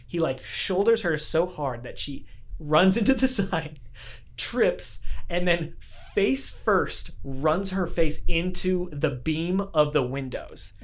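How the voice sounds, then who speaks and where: A man's voice: a little high, slow. A young man co-hosting a podcast, telling a long work story in casual chat and acting out the people he quotes. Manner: animated, profane, acts out quoted people. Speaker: podcast co-host.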